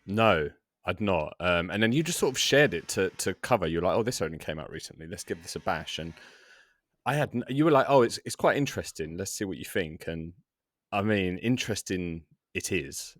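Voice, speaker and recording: Low-voiced man chatting about an album. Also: animated, normal speed, a bit bright, no echo. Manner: hesitant, many fillers and restarts. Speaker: album review co-host. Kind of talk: casual chat about music.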